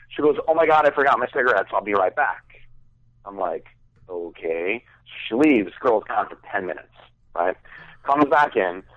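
Crude rambling guy, phone-line sound. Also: fairly low pitch. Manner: crude, rambling, full of fillers. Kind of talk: casual storytelling. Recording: dry tinny phone-like sound.

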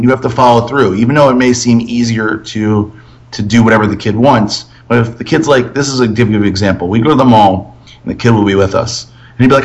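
Guy hosting a chill podcast, animated storyteller, swears a lot. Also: mid-range voice. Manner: animated storyteller, acts out voices, swears freely. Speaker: podcast host. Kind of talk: casual podcast chat.

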